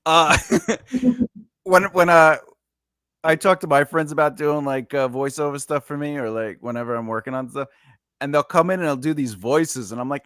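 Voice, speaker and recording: A man's voice: a little high, moderate pace, fairly bright tone, no room sound, studio quality. A man co-hosting a livestream who jokes around and keeps slipping into silly voices and accents. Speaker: co-host. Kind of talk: casual livestream chat.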